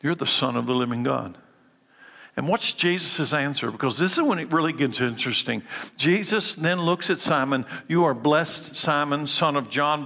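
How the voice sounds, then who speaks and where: Male preacher, high bright voice, dramatic hushed-to-emphatic delivery, long hall reverb. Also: animated, moderate pace, vocal fry. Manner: dramatic swings from hushed to emphatic, repeating key lines. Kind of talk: sermon.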